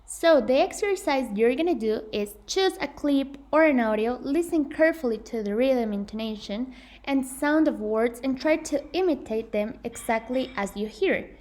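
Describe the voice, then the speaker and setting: This English pronunciation presenter is a young woman whose high-pitched, expressive voice has a darkish tone and moves at normal speed. She delivers her scripted lesson earnestly and carefully, correcting herself often.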